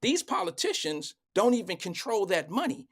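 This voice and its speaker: Man, middle-aged, live talk show host, animated, preachy, colloquial, somewhat high voice. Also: moderate pace.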